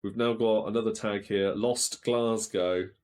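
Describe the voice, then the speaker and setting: A man's voice: fairly low pitch, steady tone, unhurried, darkish tone. A man hosting a live-streamed quiz, chatting as he reads out viewers' guesses and checks them aloud. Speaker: quiz show host.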